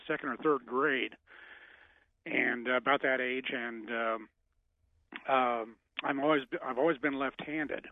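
A man in his late fifties calling in to a radio show, pausing often with ums and uhs. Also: medium pitch, no room sound. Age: late 50s. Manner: hesitant, many ums and uhs. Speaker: caller. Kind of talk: call-in radio chat. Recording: tinny phone line.

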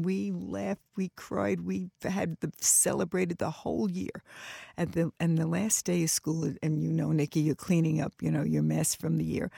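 Older new york lady, super gravelly and husky, tells stories with lots of laughs, dry close sound. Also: on the low side, dry recording. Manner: animated storyteller, laughs often, restarts. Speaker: guest, educator and author. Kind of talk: radio talk show conversation.

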